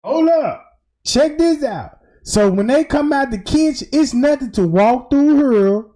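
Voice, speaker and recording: A male commentator walks through video footage in casual commentary, speaking slowly and emphatically with slang. His tone is mellow but his pitch is lively as he points things out.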